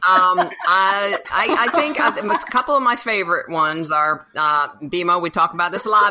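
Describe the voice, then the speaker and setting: Woman, podcast co-host, lowish voice, bright tone, folksy coaching sayings. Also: moderate pace, few pauses, poor audio. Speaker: podcast co-host, former pitcher. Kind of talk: casual podcast chat.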